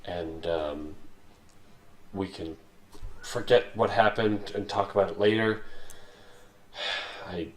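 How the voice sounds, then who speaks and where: A man's voice: deep voice, fairly even intonation, a little fast, fairly bright tone, pitched below the performer's own voice. Man playing a grieving young noble. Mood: pleading. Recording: echoey room, voice far from mic.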